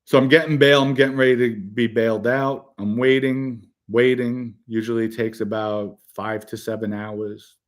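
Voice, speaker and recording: A man's voice: mid-range voice, normal speed, few pauses. Man telling a gritty story. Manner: animated, acts out other people's voices. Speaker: former mob associate telling his story. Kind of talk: casual storytelling.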